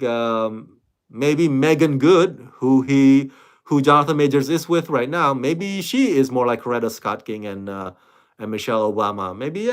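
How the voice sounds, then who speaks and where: A man hosting his own online reaction channel, talking casually to camera in a loose, animated way, with lots of fillers and restarts. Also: mid-range voice. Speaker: YouTube reaction host.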